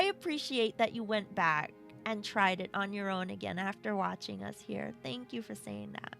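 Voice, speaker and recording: A woman's voice: fairly high pitch, fairly quick, creaky, a bit bright, soft background music. A woman from Brooklyn with a New York accent, live-streaming a game, chatting playfully and reading chat aloud. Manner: playful, bouncy, chatty with viewers.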